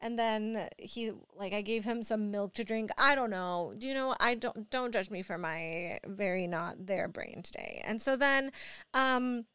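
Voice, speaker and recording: A young woman and mother telling a rambling, animated story full of fillers, sounding drowsy. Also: mid-range voice, unhurried, clear, resonant tone, no room sound. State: drowsy from allergy medicine. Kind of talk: casual storytelling vlog.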